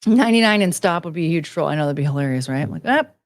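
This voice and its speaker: A woman's voice: low voice, expressive, rapid-fire. A woman hosting a casual livestream, chatty and self-mocking as she answers her chat. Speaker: livestream host.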